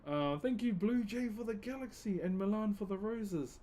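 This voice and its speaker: A man's voice: high-pitched, moderate pace, dark tone. A laid-back man from New Zealand with a New Zealand accent, chatting casually with his live-stream viewers while he carves wood and calling them bro.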